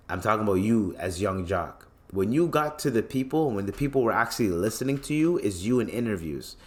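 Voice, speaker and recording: A man hosting a podcast, ranting in a blunt, profane, mocking way as he gives casual commentary. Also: lowish voice. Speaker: podcast host.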